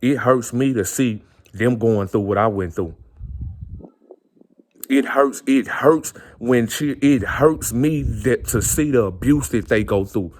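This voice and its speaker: A man's voice: medium pitch, slow, darkish tone. Earnest man repeating himself passionately. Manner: earnest and repetitive, circling back on phrases. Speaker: vlogger. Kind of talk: impassioned personal monologue.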